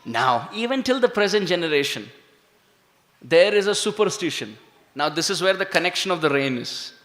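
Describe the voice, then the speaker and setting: A man giving an animated devotional talk, drawing the audience into call and response. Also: high-pitched, normal speed, a little hiss or hum. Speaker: devotional speaker. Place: temple hall. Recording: echoey hall.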